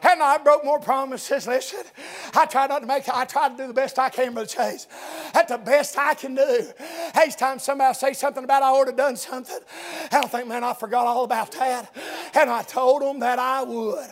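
Revival preacher, male, very high voice, shouts and drawls. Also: fairly even intonation, a little fast. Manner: shouting, drawling, dialectal grammar, constant amens. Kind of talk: fiery revival sermon.

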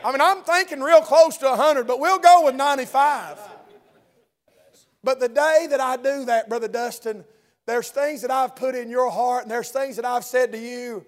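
A man's voice: extremely high pitch, moderate pace. A man preaching a sermon in church, building with repeated phrases and asides to the congregation.

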